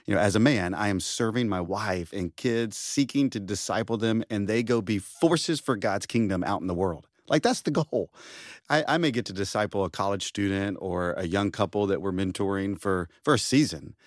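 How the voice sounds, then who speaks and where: Middle-aged man, low voice, earnest podcast guest, dry close mic. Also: moderate pace, no echo. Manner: earnest, passionate, self-reflective. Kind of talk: faith podcast conversation.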